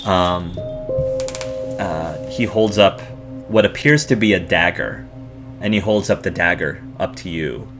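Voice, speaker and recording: A man's voice: sits low, measured pace, long pauses, music in the background. A man narrating as game master in a tabletop role-playing game, describing scenes with frequent ums and likes.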